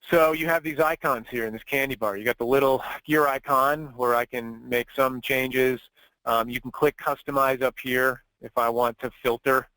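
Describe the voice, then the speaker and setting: A man talks through a software demo in a loose, conversational way, filling his steps with "you know" and "um." His voice sits at an ordinary middle pitch, and the recording is dry and close, with no room sound around it. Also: dry recording, rough recording. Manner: casual, chatty, many fillers. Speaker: software trainer. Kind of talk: screen-share software walkthrough.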